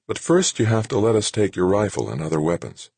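A man voicing a calm woman rescuer who talks soothingly and reassuringly. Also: on the low side, brisk, vocal fry, breathy edge, no echo, voice pushed up, exaggerated voice.

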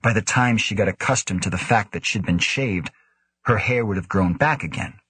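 A man voicing a patient, earnest young male researcher who speaks calmly and reasonably. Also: lowish voice, moderate pace, slightly rough, no room sound. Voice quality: calm, reasonable.

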